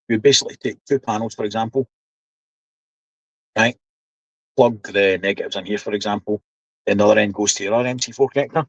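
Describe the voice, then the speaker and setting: A man's voice: lowish voice, fairly even intonation, brisk, long pauses, dry recording, poor audio. A man in his seventies with a Scottish accent, chatting casually on a live stream, explaining things while he reads the chat. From Scotland. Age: 70s. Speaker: livestream host.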